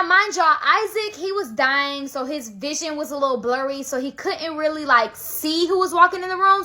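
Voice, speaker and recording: A woman hosting casual Bible storytelling, chatty and animated, full of slang. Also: sits high. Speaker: host.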